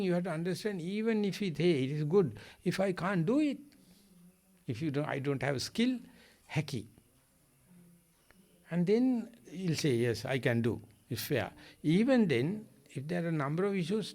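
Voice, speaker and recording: Emphatic Sri monk teaching. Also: male voice, a little high, darkish tone. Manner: emphatic, repetitive, plain-spoken. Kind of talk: dharma discussion answers.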